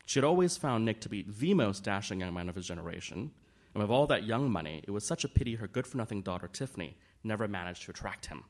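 A male audiobook narrator with a lowish voice. He reads in an even, measured storytelling manner. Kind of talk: scripted narration.

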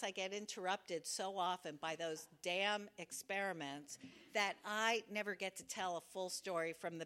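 A woman's voice: fairly low pitch, bright, forceful tone. A woman telling a wry, self-deprecating personal story at a live storytelling event, acting out the voices she quotes.

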